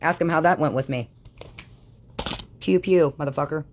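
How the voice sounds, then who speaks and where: A woman's voice: sits low, normal speed, darkish tone, slight background noise. A woman on a livestream delivering an angry, profanity-laden rant that calls people out. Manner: furious, swearing constantly, calling people out.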